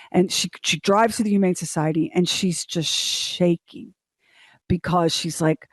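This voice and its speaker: A woman's voice: lowish voice, moderate pace, dry recording. A middle-aged woman co-hosting a morning show, telling a story in a casual, emotional way. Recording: dry studio sound.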